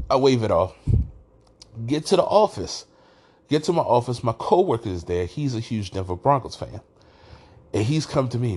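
A man's voice: medium pitch, moderate pace, pauses often, husky. A man hosting a podcast, telling a story in a rambling, casual way and restarting his sentences often. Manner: rambling, restarts sentences, animated when retelling. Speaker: podcast host.

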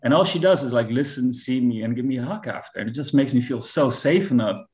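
A man coaching on relationships in a relaxed podcast chat, earnest and reflective in tone. His sentences often stall and restart as he searches for words, and he sits at an ordinary middle pitch. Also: fast talker. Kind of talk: casual podcast conversation.

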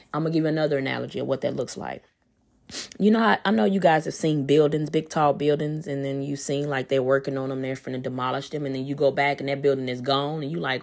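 A woman giving an informal sermon, animated and excited, with casual slang. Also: low voice, gravelly. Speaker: preacher.

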